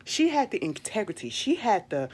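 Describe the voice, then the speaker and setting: A young woman giving an exasperated, animated, swearing recap of a reality show. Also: normal speed, slightly rough. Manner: animated, exasperated, swears freely, jumps into high quoted retorts. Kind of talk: casual opinionated recap.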